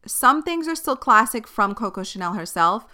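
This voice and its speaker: A woman's voice: a little high, big pitch swings, moderate pace, pushed and bright. A young woman hosting a casual solo podcast, chatty and candid, swearing and laughing easily. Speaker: podcast host.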